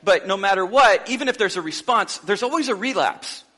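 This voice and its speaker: A man preaching a sermon as pastor, lively and joking, acting out the dialogue of the people he describes. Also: high voice, a little fast, long reverb tail. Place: church sanctuary.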